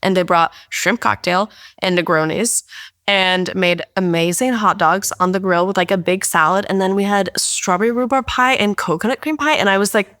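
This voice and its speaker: A woman with a mid-range voice tells stories as a podcast guest, animated and gushing. The recording is dry and close. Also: mid-range voice, moderate pace, no echo. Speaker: cookbook author guest. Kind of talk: casual podcast conversation.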